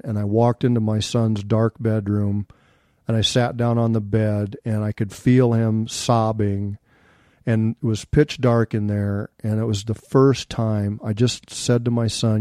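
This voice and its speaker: A middle-aged man speaks as an interview guest, sharing a personal story in an earnest and reflective manner. His voice sits low and warm, and it sounds close and dry with no room echo.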